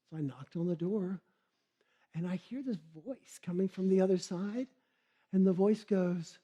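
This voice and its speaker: A middle-aged man giving a humorous motivational keynote, telling stories in a lively way and acting out the characters. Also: high voice, moderate pace. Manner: lively storytelling, acts out characters. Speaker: keynote speaker.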